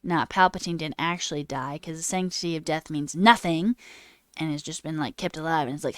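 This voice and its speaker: A woman streamer ranting in a casual, animated way, swearing and mocking voices in quotes. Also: sits low, brisk, no room sound. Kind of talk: casual live-stream rant. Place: home room.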